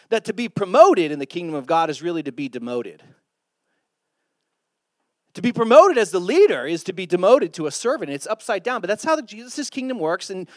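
Male pastor, animated sermon delivery, bright upper voice, big pitch swings. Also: no echo, clean studio sound. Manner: animated, acts out quotes in voices.

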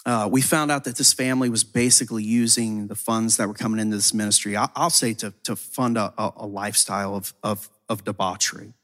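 A man's voice: on the low side, fairly even intonation, a little fast, hardly any pauses, a bit bright. A man giving a sermon testimony as a ministry leader. He tells the story casually, with frequent "like" fillers and repeated words.

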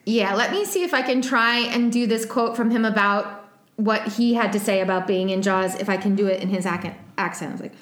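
A woman's voice: mid-range voice, a little fast, a bit bright, roomy sound. A woman co-hosting a podcast, chatting casually with many fillers and laughs. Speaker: podcast co-host. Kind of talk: casual chat.

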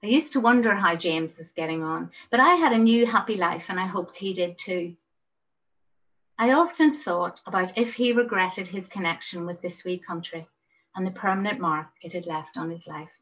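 A woman telling a personal memoir, reflective and often dropping softer on asides. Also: lowish voice, moderate pace, muffled recording. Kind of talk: memoir storytelling.

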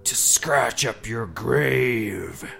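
A man voicing a menacing chimney creature that answers slowly and loudly. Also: expressive, creaky, soft background music, heavily acted. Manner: slow, booming answers. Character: big-eyed clawed chimney creature, menacing.

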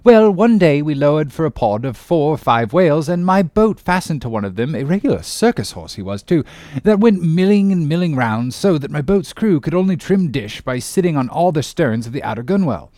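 A man's voice: fairly high pitch, very animated, a little fast, dark tone, no echo, studio quality, voice pushed up. A man voicing a good-humoured, one-armed English sea captain in an audiobook reading, telling a rambling, hearty tale. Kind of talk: audiobook character voice.

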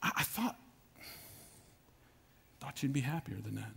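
A man's voice: medium pitch, sing-song, measured pace, gravelly, bright, forceful tone, a little hiss or hum. Emphatic preacher calling to his church. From Southern United States. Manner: emphatic, repeats phrases, calls out to congregation. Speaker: pastor. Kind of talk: sermon.

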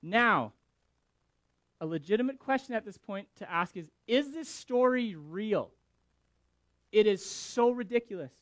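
Male preacher, emphatic, slightly high voice, dry close sound. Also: measured pace, pauses often, dry recording. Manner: animated, emphatic, repeats words. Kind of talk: scripture reading and sermon commentary.

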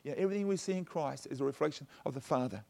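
A middle-aged male pastor with a notably high-pitched voice preaches a conversational sermon very fast, his tone creaky and darkish. He tells personal stories and leans on "you know" and "okay?" to keep the congregation with him.

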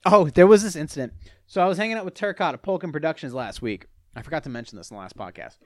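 A young adult man hosting a casual solo podcast, telling stories with profane, animated rants. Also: on the high side, quick pace, slight background noise. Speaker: podcast host.

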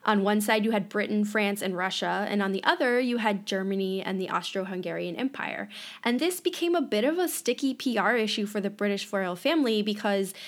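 A woman's voice: mid-range voice, lively intonation, brisk. A woman co-hosting a casual history podcast, explaining at length with many fillers like "you know" and "like". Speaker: podcast co-host.

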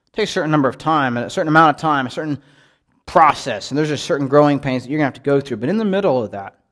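A man's voice: on the high side, animated, very fast, fairly bright tone. A man teaching a Bible study in a casual, earnest way, often asking rhetorical questions.

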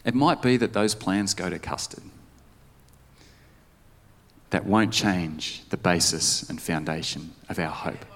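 A man's voice: low voice, animated, slow pace, long pauses. A male pastor preaching a conversational sermon, putting questions to the congregation. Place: church service.

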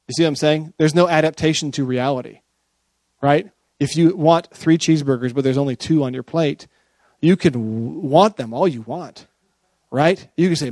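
Pastor guy giving a sermon, kinda high voice, dry close sound, keeps asking right? amen?. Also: normal speed, darkish tone, no echo. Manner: conversational, often checks in with the audience.

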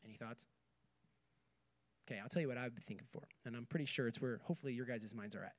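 A man's voice: mid-range voice, fast. A young man giving a conversational sermon to a group, reading scripture and checking in with "okay" and "right". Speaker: speaker at a campus ministry meeting.

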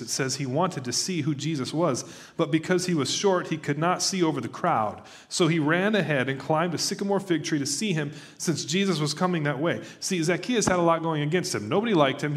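A man preaching a sermon in a conversational, animated way, acting out quoted voices as he tells stories. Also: a little high, a little fast. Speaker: pastor.

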